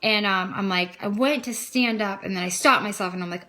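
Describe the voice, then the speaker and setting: A woman's voice: medium pitch, animated, brisk, bright, forceful tone. A woman talking casually into the camera, telling an emotional, rambling story of her faith, often quoting herself and others. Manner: emotional, rambling, frequent "I'm like" quotes. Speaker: vlogger sharing testimony. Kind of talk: casual personal testimony.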